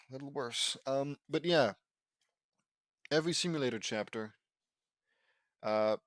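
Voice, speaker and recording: A man's voice: mid-range voice, fairly bright tone, no echo, studio quality. Rambling man reading fan fiction. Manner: rambling, self-deprecating, easily sidetracked. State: sore throat. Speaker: fan fiction audiobook reader.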